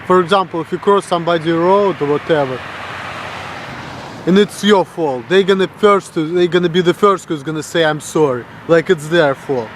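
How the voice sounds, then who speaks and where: On his vlog, a young Russian man speaking with a Russian accent delivers a crude, profane rant, imitating others' voices to mock them. The fairly high voice moves at a moderate pace over a slight hiss or hum.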